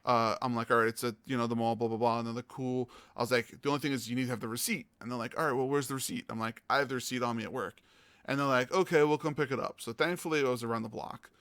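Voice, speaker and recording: A man hosting a gaming podcast, telling stories in a casual, animated way and acting out the people he quotes. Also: mid-range voice, rapid-fire, clear, resonant tone, no room sound. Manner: animated, acts out quoted voices. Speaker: podcast host. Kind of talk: casual storytelling chat.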